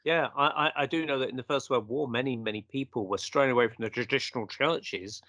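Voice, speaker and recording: An Englishman telling animated anecdotes in casual conversation, acting out quotes and trailing off with "blah, blah, blah". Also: mid-range voice, brisk, no room sound. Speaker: interviewee discussing mediums. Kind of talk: casual storytelling chat.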